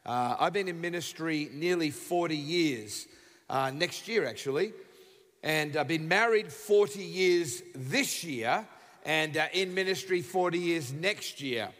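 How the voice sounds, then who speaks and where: Aussie guy preaching, upbeat and jokey, kinda high voice, big echoey church. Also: measured pace. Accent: Australian. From Australia. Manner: lively, energetic, joking with the audience. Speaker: guest pastor. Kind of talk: sermon. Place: large church hall. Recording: reverberant church hall.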